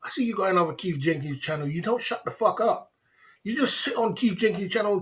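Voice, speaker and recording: Man, high voice, tipsy, rambling livestream rant, laughs and swears. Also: expressive, fairly quick. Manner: repetitive, laughing, swearing, drunk banter. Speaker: livestream host.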